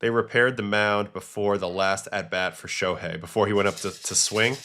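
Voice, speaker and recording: Casual host, male, lowish voice, talks viewers through game footage off the cuff. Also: steady tone, moderate pace, sharp tone. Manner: chatty, reacting to game clips and chat. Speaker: host, former pitcher. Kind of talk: casual livestream commentary.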